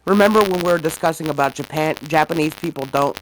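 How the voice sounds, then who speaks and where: A woman's voice: low-pitched, fast talker, soft background music, low-quality recording. A woman co-hosting a podcast, telling a story in a casual, swearing way with many fillers and reenacted exchanges. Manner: animated, swearing, laughing retellings with many fillers. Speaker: podcast co-host.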